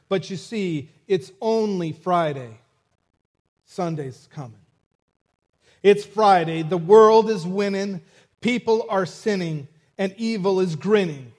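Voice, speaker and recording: A fiery Southern-accented preacher, put on by a man, who builds each line into a louder, higher chant. His voice climbs above a man's usual pitch, and he hammers the refrain over and over. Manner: chanting, rising, emphatic repetition.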